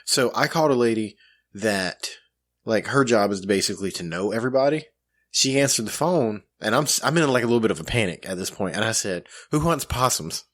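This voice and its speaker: A man's voice: on the low side, animated, fairly quick, a bit bright. A man co-hosting a podcast, telling a self-mocking story in casual chat with lots of fillers. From grew up in the country. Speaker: podcast co-host.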